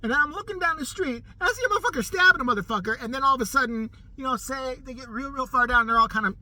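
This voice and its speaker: A middle-aged man telling a story casually to the camera, animated and profane, laughing often as he goes. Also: very high-pitched, racing, a little hiss or hum. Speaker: vlogger.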